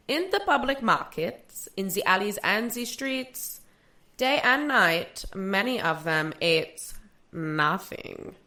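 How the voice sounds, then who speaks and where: A woman putting on a German-style accent to recite an old poem, in a slow, lilting way. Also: mid-range voice, sharp tone, pitched above the performer's own voice.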